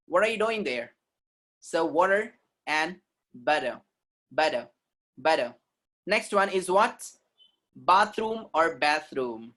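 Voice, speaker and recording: A man, teaching an online pronunciation class. He is lively and drills words by saying them again and again. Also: a little high. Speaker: communication trainer.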